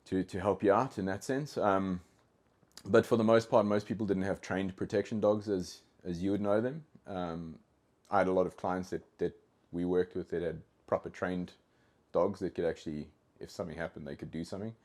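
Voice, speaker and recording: Podcast guest: low-voiced South African man, chatty and rambling, lots of restarts. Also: fairly even intonation, moderate pace, darkish tone. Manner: rambling, with frequent restarts and fillers. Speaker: guest, dog trainer. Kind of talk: casual podcast conversation.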